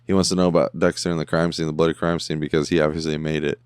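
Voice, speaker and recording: A man hosting a podcast, casually recapping and reacting to a TV episode in a slangy, animated way. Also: rumbling low, very fast, clean tone, no room sound, studio quality. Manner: slangy, animated, says "bro" a lot. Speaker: podcast host.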